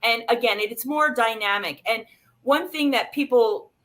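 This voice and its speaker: A woman's voice: a little high, moderate pace, fairly bright tone. A woman speaking as a doctor guest on a talk show, explaining nutrition with everyday examples.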